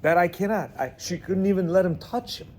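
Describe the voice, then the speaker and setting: A man teaches a room of men in a loose, spoken lecture. His voice sits a bit high and he leans hard on his points, circling back and checking they understand. He acts out little quoted lines along the way. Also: a little fast. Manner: repetitive, keeps asking "you understand?"; emphatic, lively, acts out quotes. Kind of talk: informal lecture to a class.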